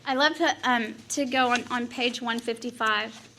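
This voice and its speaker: Bright, high-voiced woman. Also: normal speed, slight background noise. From Dallas, Texas. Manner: animated, laughing, acts out her own past dialogue. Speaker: AA speaker. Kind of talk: recovery meeting share.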